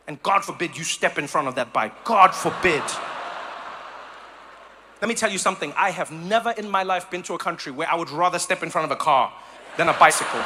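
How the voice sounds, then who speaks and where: Animated South African stand-up comedian. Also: male voice, sits high, brisk, a little hiss or hum. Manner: animated, acts out voices and sounds. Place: live comedy venue.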